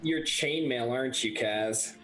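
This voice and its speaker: A man playing in a casual tabletop game, slowly talking through his character's moves. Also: mid-range voice, a loud crowd, rough recording. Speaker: player.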